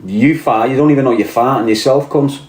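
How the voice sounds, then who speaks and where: A Scouse man holds forth in a loose, crude chat, swearing freely and telling boastful stories in a swaggering tone. His voice sits at a middling pitch. The recording has a noticeable roomy echo. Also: fairly quick, darkish tone. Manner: profane, blunt, swaggering storyteller. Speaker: livestream host reading chat.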